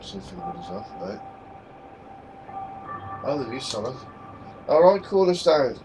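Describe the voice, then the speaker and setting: A man's voice: mid-range voice, big pitch swings, moderate pace, over music, low-quality recording. A man streaming a VR game, muttering to himself and chatting to his viewers. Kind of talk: live-streamed VR gameplay commentary. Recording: noticeable background noise.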